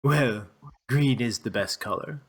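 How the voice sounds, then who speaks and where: A man's voice: medium pitch, measured pace, husky. A man voicing an eccentric, absent-minded male trader who talks in a fussy, flowery way.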